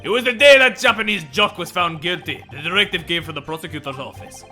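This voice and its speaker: A man doing a put-on Scottish accent as a gruff, blustering prison governor while reading a video game aloud. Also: sits high, fast, pushed and bright, soft background music, pitched above the performer's own voice. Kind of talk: video game voice acting on stream.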